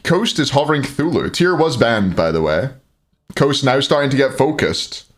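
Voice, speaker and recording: A man's voice: mid-range voice, very animated, normal speed. A man casting a live esports stream, mixing game commentary with joking banter with his viewers. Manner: joking, chatty banter with chat. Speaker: esports caster and stream host.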